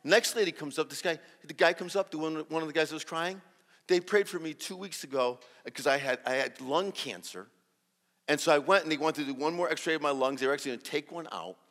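A man giving a sermon as a guest preacher, telling a story and acting out the dialogue with lively energy and many restarts. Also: a little high, fairly quick, long reverb tail. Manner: animated, acts out dialogue, restarts often. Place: large church hall.

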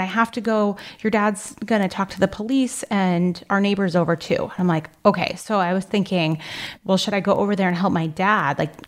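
Animated woman host telling a story. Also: mid-range voice. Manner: animated, emphatic, acts out quoted lines. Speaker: podcast host. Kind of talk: casual storytelling.

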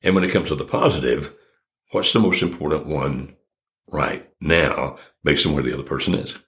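A man's voice: extremely low pitch, normal speed, fairly bright tone. An older man, a relationship expert guest, giving earnest conversational advice and acting out quoted dialogue.

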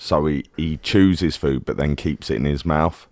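A man's voice: a bass voice, moderate pace, darkish tone, no room sound. A man with a Cockney accent co-hosting a podcast, laid-back and dry-humoured. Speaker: podcast co-host. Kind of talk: casual podcast banter.

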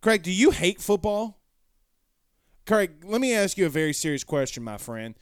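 A man runs a casual sports stream, reading out fan comments and drifting into folksy tangents. His voice sits a bit high and comes across smooth and resonant. The sound is dry and close. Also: big pitch swings, moderate pace, no echo. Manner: rambling, self-correcting, folksy. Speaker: sports show host.

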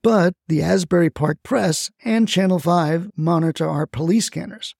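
A man's voice: fairly high pitch, normal speed, gravelly, a little mellow, slightly rough, dry recording, studio quality. A man narrating a scripted story in a wry, folksy way, with asides to the listener. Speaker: storyteller, the grandson.

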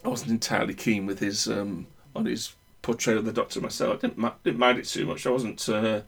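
A man's voice: fairly low pitch, steady tone, a little fast, vocal fry, fairly bright tone, breathy edge. A man with a broad northern English accent talks casually, offering his opinions at length. He often stops and restarts his sentences as he works through a thought. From Northern England. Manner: opinionated, rambling with many restarts. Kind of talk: casual chat.

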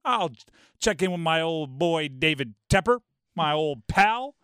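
A man hosting a sports talk radio show, talking in an animated, quick way and dropping into mock voices for bits. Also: fairly high pitch, clean tone, no echo, studio quality. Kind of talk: casual sports talk monologue.

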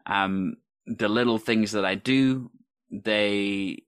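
Man, improv performer, lowish voice, earnest and enthusiastic, dry close sound. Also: fairly even intonation, slow, a bit bright, smooth, no room sound. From United Kingdom. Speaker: improv performer and podcast co-host. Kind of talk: conversational discussion.

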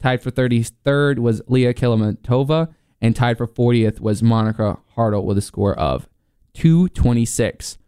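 A man's voice: mid-range voice, normal speed, dark tone, clear, resonant tone, no echo, clean studio sound. A young man hosting a casual college sports show, running through golf results with fillers and asides. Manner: chatty, reads results with fillers.

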